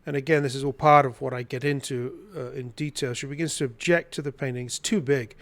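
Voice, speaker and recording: A middle-aged man telling a story as a podcast guest, animated and acting out the dialogue. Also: fairly high pitch, brisk. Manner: animated, acts out dialogue in his retelling. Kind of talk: storytelling interview.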